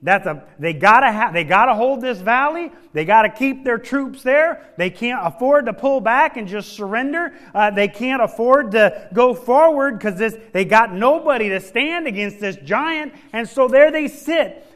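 A man preaching a sermon in a folksy way, dropping from loud emphatic lines to hushed, low ones and stretching key words for weight. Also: expressive, moderate pace, hardly any pauses.

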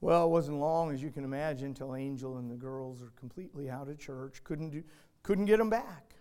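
A man preaching and telling a story from the pulpit, swinging between loud urgent moments and quiet hushed ones. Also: mid-range voice, moderate pace, smooth. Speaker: pastor. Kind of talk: sermon illustration storytelling.

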